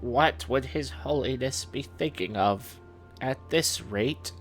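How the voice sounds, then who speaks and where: A man's voice: mid-range voice, takes it slowly, soft background music, lightly acted. A man putting on a pompous old cardinal. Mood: condescending. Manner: haughty, scolding, archaic phrasing. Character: pompous elderly male church cardinal.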